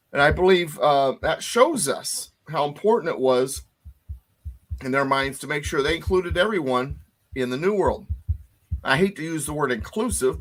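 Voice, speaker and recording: A man lectures a class, jumping up in pitch on key words. He explains at an uneven pace, pausing with fillers and restarting phrases. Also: fairly bright tone. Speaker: constitution teacher.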